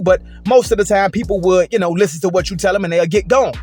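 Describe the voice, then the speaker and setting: A man with a high voice tells a story from his own life and lectures in a conversational, emphatic way, repeating points and checking in with "right?" and "okay?". Faint music runs beneath his talking. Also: expressive, quick pace, few pauses. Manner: emphatic, repetitive, conversational with frequent "et cetera" and "okay?". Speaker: commentator. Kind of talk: casual storytelling rant.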